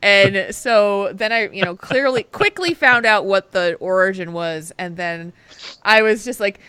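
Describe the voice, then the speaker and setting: A woman co-hosting a casual podcast, chatty and quick to laugh, stressed and irritable, telling stories with lively quoted asides. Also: medium pitch, clean tone, dry recording. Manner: chatty, laughs often, animated retellings. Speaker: podcast co-host. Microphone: headphones and home mic.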